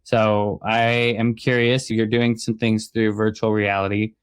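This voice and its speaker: A man hosts a casual interview show, nodding along and affirming his guest before he poses long questions. His voice is low. The sound is dry and close. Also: flat delivery, unhurried, clear, resonant tone, no echo. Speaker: podcast host.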